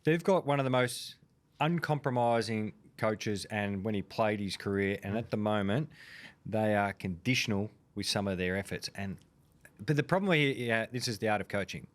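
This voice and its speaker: An Australian man co-hosting a sports radio show, trading quick, opinionated quips in casual banter. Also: lowish voice. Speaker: co-host, former footballer.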